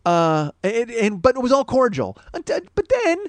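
A man's voice: extremely high pitch, wildly swooping pitch, normal speed, dry recording. A man in his forties hosting a comedic solo podcast, ranting in a rambling, exasperated, profane way. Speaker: podcast host.

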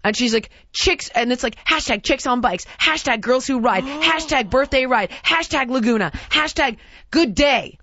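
A woman with a fairly high voice tells a story on her podcast, animated and exasperated. She slips in quick impressions of the people she is quoting. The sound is dry, with no room echo. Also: highs cut off. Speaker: podcast host. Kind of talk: casual storytelling chat.

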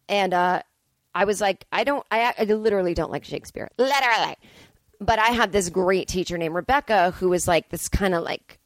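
A woman in her forties hosting a podcast, telling comic stories in a profane, ranting, animated way. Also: medium pitch, a little fast, no room sound. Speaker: podcast host. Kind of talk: comedic storytelling monologue. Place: Brooklyn.

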